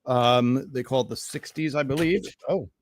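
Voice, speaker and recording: A man's voice: medium pitch, normal speed, slight background noise. A man hosting a live stream from home, greeting viewers one by one in a loose, enthusiastic, rambling way and talking to himself between hellos. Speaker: host.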